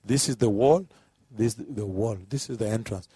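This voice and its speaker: A man preaching a sermon, repeating phrases and rising to shouts as he describes what he saw. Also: lowish voice, normal speed, breathy edge, no room sound, studio quality. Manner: emphatic, repetitive, builds to shouts; describes with gestures, "like this".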